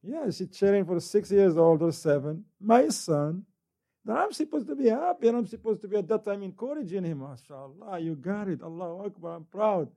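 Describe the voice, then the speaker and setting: Man preaching with a dark, mellow voice. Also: high voice, normal speed, vocal fry. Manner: animated storytelling with rising emphasis. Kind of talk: sermon.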